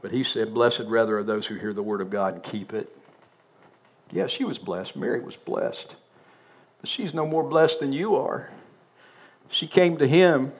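A man preaching a sermon as a pastor, emphatic, swinging from loud peaks to quiet asides. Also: mid-range voice, unhurried, pauses often, husky. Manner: emphatic, rising to loud peaks then dropping soft. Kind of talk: sermon with closing prayer.

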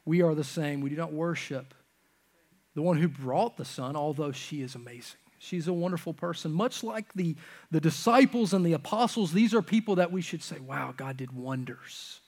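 A male pastor delivering a sermon in a slightly high voice. He preaches with passion, swinging between loud urgent peaks and hushed, low lines. He acts out God's voice and his listeners' objections as he goes. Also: animated, normal speed. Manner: impassioned preaching, acting out God's voice and the congregation's objections.

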